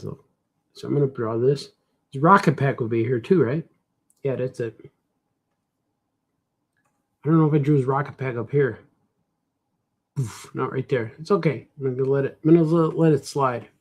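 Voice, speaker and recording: A man's voice: medium pitch, a little slow, pauses often, husky. A man, a cartoonist, chatting casually while he draws, rambling playfully and joking to himself. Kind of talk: casual chat while drawing.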